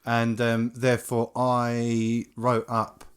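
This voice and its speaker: Relaxed man chatting. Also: mid-range voice, takes it slowly, smooth. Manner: relaxed, agreeable, laughs along. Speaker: podcast co-host. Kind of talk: casual chat.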